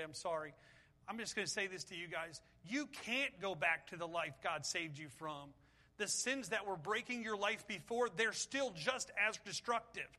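Bright, high-voiced impassioned male preacher. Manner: impassioned, pleading, rhetorical questions. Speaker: pastor. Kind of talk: sermon.

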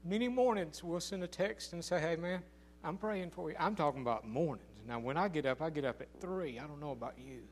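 An older man preaching a sermon, telling a folksy story with emphatic, drawn-out phrases. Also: on the high side, slight background noise.

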